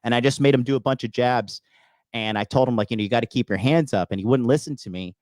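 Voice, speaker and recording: A man's voice: mid-range voice, quick pace, darkish tone, dry recording. A man in his thirties hosting a call-in coaching show, talking in a boastful, profane, emphatic way with lots of fillers. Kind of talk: casual livestream monologue.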